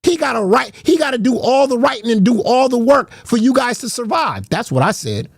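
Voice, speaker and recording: A man's voice: very high voice, big pitch swings, fairly quick, gravelly, breathy edge, no echo, clean studio sound. A man streaming a heated, profane rant, confrontational and repeating himself as he calls out rivals. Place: garage.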